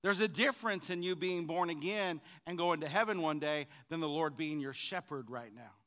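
Speaking at normal speed, a preacher whose voice is high and bright leads a lively sermon and calls on the congregation to respond. His delivery shifts between loud, fervent stretches and quiet, conversational asides.

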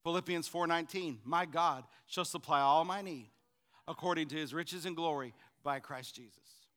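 A man preaching a sermon in call-and-response style, swinging from loud fervent bursts to quiet asides. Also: on the high side, moderate pace.

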